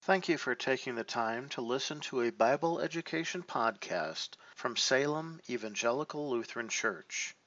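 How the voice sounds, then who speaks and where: A man's voice: medium pitch, animated, moderate pace, few pauses, a bit bright, muffled recording. A man reading a scripted closing announcement for a church podcast, spelling out a web address letter by letter.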